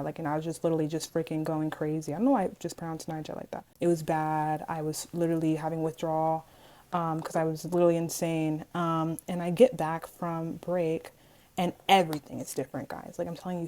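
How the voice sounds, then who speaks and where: Young woman, vlogger, animated storytelling, lowish mellow voice. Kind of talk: casual storytime vlog.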